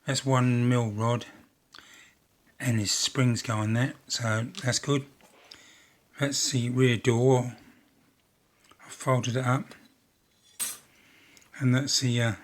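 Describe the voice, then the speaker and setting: A man's voice: mid-range voice, level tone, slow pace, pauses often. A man hosting a model railway channel, narrating his build in a rambling, casual way with jokey, self-deprecating asides.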